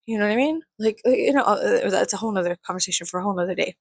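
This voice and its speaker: A woman's voice: mid-range voice, rapid-fire, dry recording. A woman, ranting in a heated, sweary, rambling way. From San Antonio, Texas. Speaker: vlogger. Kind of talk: profane casual rant.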